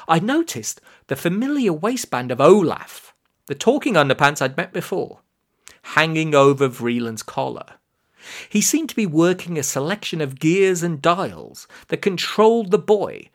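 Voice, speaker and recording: A woman giving scripted narration of a comic children's story, expressive with deadpan asides. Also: low voice, measured pace. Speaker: audiobook narrator.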